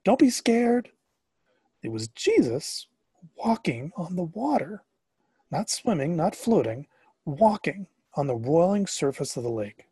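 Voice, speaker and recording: A man narrating a story in the first person, expressive and sometimes rising to excited questions. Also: on the high side, unhurried, husky, no room sound.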